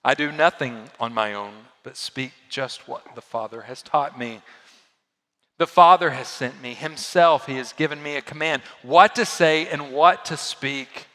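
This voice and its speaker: A man preaching a sermon as a pastor, swinging from loud emphasis down to hushed, quiet lows. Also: a little slow, in a large hall.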